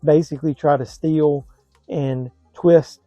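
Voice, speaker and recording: A man's voice: fairly high pitch, fairly even intonation, slow pace, warm tone, highs cut off, soft background music. A man giving a blunt, scathing movie review in a casual vlog, sounding exasperated.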